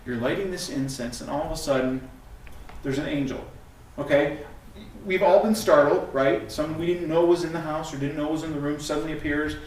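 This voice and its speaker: Middle-aged man, pastor's sermon, fairly high voice, animated storyteller, roomy echo, mic at a distance. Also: fairly quick. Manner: animated storytelling, acts out scenes. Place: church sanctuary. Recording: echoey room from a distant mic, faint noise.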